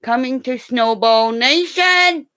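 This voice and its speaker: A woman's voice: high voice, expressive, slow pace, pushed and bright, dry recording. An older woman signing off a livestream from home on her computer, rambling and joking crudely. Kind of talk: casual livestream sign-off chat. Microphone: computer mic.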